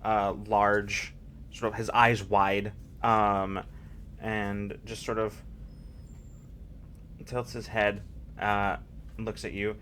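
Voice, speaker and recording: A man runs a tabletop roleplaying game, narrating in a halting, thoughtful way. He talks slowly in a somewhat low voice, with faint noise behind him. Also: flat delivery, a bit bright. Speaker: game master.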